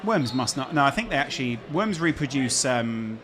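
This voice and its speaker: A man's voice: mid-range voice, sing-song, moderate pace. A man hosting a live match watch-along, bantering and reacting to the game. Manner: chatty, bantering, exclaims at big moments. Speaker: host. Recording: loud crowd noise behind.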